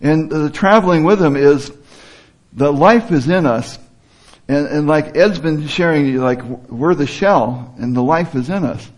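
A man's voice: a little high, a little slow. Man preaching in a chatty, searching way. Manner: conversational, quotes scripture, rephrases mid-sentence. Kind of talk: informal sermon.

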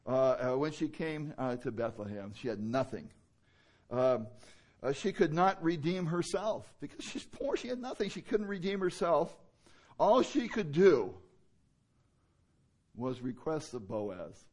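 A man's voice: fairly high pitch, sing-song, a little slow, long pauses, a little mellow, husky. Man preaching a conversational sermon. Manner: conversational preaching with many fillers and rhetorical questions. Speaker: pastor.

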